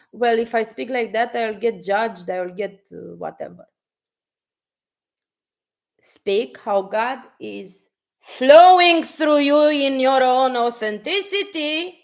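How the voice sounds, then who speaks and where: A woman with a high voice delivers a blunt, preachy motivational talk on a live stream. She speaks slowly, often restarting her sentences and swearing casually as she pushes her point.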